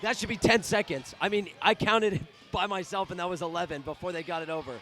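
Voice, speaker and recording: High, shouty young male commentator. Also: quick pace. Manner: excitable, often shouting in outrage at the referees. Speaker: student play-by-play commentator. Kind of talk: live basketball commentary. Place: high school gym.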